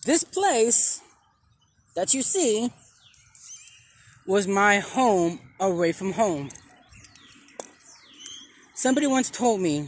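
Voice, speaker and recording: In a comic vlog, a man plays a self-appointed street preacher delivering a sermon. His voice is high and animated, and he performs theatrically, leaning on dramatic pauses and repeated phrases.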